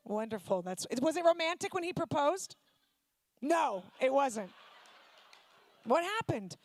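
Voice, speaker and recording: A woman from Ukraine doing stand-up comedy, teasing audience members in quick banter on a handheld stage mic. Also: high-pitched, very animated, no room sound. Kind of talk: stand-up comedy with crowd work. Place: comedy night venue before a live audience.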